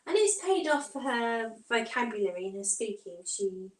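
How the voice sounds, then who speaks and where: Chatty mum, roomy distant sound. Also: female voice, on the high side, sing-song, moderate pace. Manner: chatty, chats while doing housework, often breaks off to her toddler. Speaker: live-streaming mum vlogger. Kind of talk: casual live-stream chat. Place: home.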